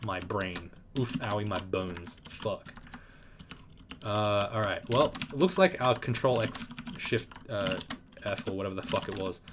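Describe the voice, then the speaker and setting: Young man, game streamer, low voice, loose and profane, with clacking keys behind him. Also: background noise. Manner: casual, swearing, mock trash talk. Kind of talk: live gameplay commentary. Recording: loud keyboard clicks and typing.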